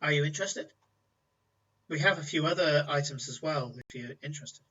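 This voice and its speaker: A man's voice: fairly high pitch, a little fast, bright, forceful tone, slightly rough. A man voicing a young half-orc woman who keeps a market stall, polite and salesy, on a distant, muffled recording. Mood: eager, polite.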